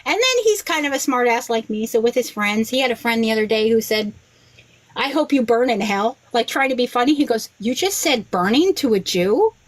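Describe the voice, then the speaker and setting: A woman in her forties, a rabbi, chatting casually on a podcast and telling family stories with lively quoted voices. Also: fairly quick, rough recording. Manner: animated storyteller, quotes others with big pitch jumps.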